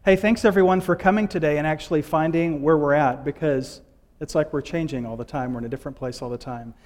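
A man preaching in a loose, conversational way, often restarting his sentences. His voice sits somewhat high for a man. A long hall reverb trails behind his words. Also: quick pace, darkish tone. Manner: conversational, with frequent fillers and restarts. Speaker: guest preacher. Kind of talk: sermon.

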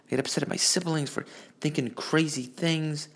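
A man rants alone into a phone, swearing freely and cutting himself off mid-sentence. His voice is gravelly, and his pitch rises and falls widely. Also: animated, moderate pace, fairly bright tone. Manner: profane, rambling, self-interrupting. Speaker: vlogger. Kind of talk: solo rambling rant.

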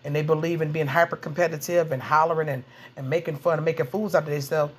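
A woman's voice: deep voice, fairly even intonation, fast talker. Blunt, profane middle-aged woman. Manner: blunt, profane, repeats phrases for emphasis. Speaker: podcast host. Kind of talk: casual dating-advice monologue.

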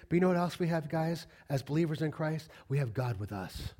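A man preaching a sermon, talking casually to the congregation and building to loud, passionate peaks. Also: a little high, lively intonation, brisk, hardly any pauses. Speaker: pastor. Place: church.

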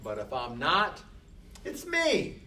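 Slow, emphatic older male teacher. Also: a little high, wildly swooping pitch, bright, forceful tone. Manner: emphatic, repeats short phrases. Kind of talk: classroom lecture. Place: classroom. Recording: distant mic with faint background noise.

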